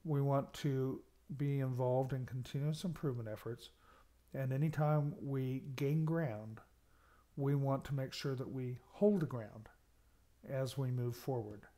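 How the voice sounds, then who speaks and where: Unhurried and warm, this mid-range male voice belongs to an American university lecturer recording a management lecture. He walks through each point, puts weight on key words, and checks in with "okay" again and again.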